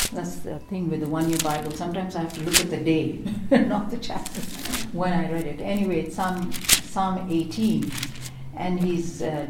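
A middle-aged woman giving a devotional teaching on prayer, telling stories expressively and slowing down to read scripture. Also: on the low side, background noise. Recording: echoey room.

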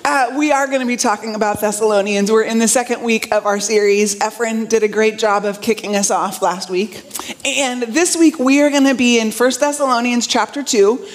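A woman's voice: fairly high pitch, steady tone, moderate pace. A middle-aged woman pastor preaching a sermon in a chatty way, talking straight to the congregation. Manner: warm, chatty, addresses the congregation directly.

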